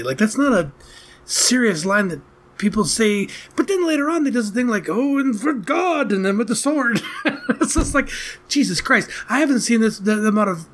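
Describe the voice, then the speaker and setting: Male co-host, husky, fairly high voice, rambling and incredulous. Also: a bit bright. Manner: rambling, incredulous, laughing asides. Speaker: podcast co-host reviewing a movie. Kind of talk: casual chat.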